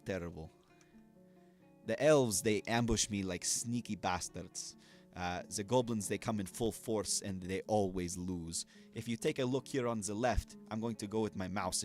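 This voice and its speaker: A man's voice: on the low side, close to an everyday voice. A man putting on a mock-Russian dwarf dictator. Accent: put-on Russian. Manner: drops articles, boastful and menacing. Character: blustering fascist male dwarven dictator. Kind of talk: in-character game commentary.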